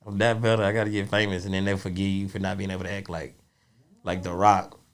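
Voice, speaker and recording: A man's voice: low voice, level tone, quick pace. A man who is a comedian guest, telling stories in a loose, rambling way during a casual interview chat. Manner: loose, rambling storytelling with frequent laughs.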